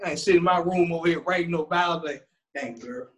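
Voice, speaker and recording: A man's voice: a little high, flat delivery, fast, fairly bright tone. A man in casual chat, joking around with a slangy, playful delivery and frequent laughs.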